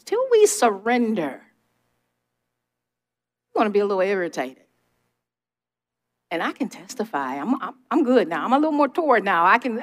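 A middle-aged woman preaching a conversational sermon, emphatic and testifying, talking straight to her listeners. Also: a little high. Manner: emphatic, testifying, speaks to the audience directly.

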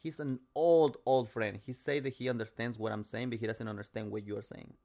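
A young man from Mexico whose first language is Spanish, speaking English with a Mexican Spanish accent in a casual podcast chat, halting and restarting his sentences. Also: mid-range voice, steady tone, vocal fry, mellow. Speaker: podcast co-host.

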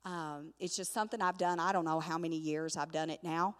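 Older woman, Bible study teacher, animated storyteller, reverberant hall. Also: sits low, fairly quick, clean tone. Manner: animated, chatty storytelling with acted-out quotes. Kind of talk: storytelling lesson.

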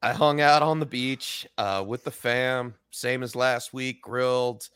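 A man's voice: mid-range voice, steady tone, measured pace, fairly bright tone, clear, resonant tone, no room sound. A man with a New Jersey accent, co-hosting a podcast in casual chat and making dry wisecracks. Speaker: podcast co-host.

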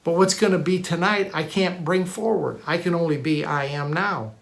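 Mid-sermon, a preacher drives each point home through emphatic repetition in a creaky, middling-pitched voice. He stumbles over restarts, rushing through some phrases and stretching others out slowly.

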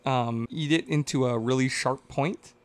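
Podcast co-host, male, smooth resonant voice, earnest and a bit fussy, dry close sound. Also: medium pitch, a little slow, no room sound. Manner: earnest, fussy, hesitant with ums. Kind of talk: casual chat. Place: studio, in person.

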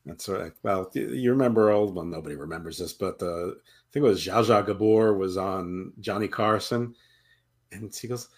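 A fairly low-voiced man trading wry, deadpan jokes over a video call. He talks casually and swears now and then, and he keeps his delivery dry even while he jokes. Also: moderate pace. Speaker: podcast co-host. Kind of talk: casual chat.

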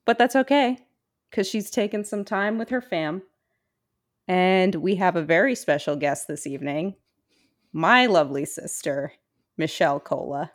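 A woman with a Brooklyn accent hosts a relaxed podcast conversation, talking in a chatty way with easy laughs. Her voice sits low for a woman. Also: unhurried. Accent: Brooklyn New York. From Brooklyn, New York. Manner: chatty, laughing, frequent restarts. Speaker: podcast host. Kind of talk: casual chat.

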